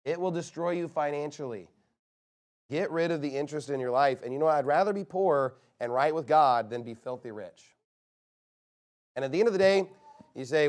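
Pastor, male, fiery emphatic sermon delivery, voice sits a bit high. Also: moderate pace, pauses often. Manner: forceful, emphatic preaching with rising bursts.

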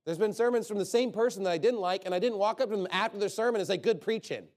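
In a fairly high, slightly mellow voice, a man preaches a sermon at rapid-fire speed. His delivery is conversational and emphatic, and he keeps posing rhetorical questions and then firmly answering them.

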